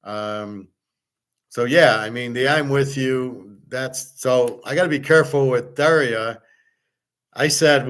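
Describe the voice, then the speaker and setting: A man's voice: medium pitch, slow, a bit bright. Rambling blunt middle-aged man talking casually. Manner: rambling, blunt, repeats himself, swears. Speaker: host. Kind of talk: casual chat to viewers.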